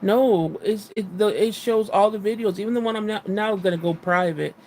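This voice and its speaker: A woman's voice: medium pitch, moderate pace, darkish tone. A woman livestreaming in casual chat, frustrated and venting, swearing now and then. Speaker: livestream host.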